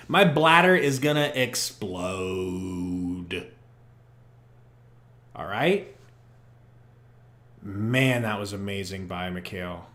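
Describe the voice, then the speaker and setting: Young male podcast co-host, live play-by-play; bright, unhurried, echoey low-grade mic. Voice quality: profane, partisan fan commentary. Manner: excitable, swings from muttering to shouting. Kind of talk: live fan play-by-play reaction stream. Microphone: poor quality microphone.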